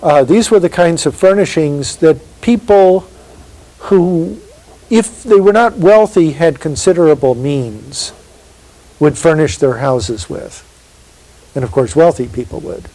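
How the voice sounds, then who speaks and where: A man gives a university literature lecture, reading poetry aloud slowly and emphatically and posing rhetorical questions. His voice is a little high and mellow, and the audio is poor.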